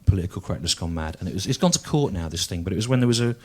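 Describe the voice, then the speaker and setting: A man in his forties from the English Midlands, performing stand-up comedy in a dry, deliberate way with frequent repetition. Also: fairly low pitch, expressive. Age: 40s.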